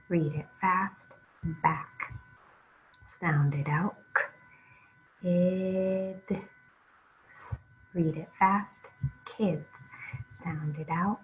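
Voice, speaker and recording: A woman's voice: deep voice, phone-quality sound, a little hiss or hum. A woman teaching a phonics lesson to young children, sounding out letters one at a time and praising the listener. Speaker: reading teacher.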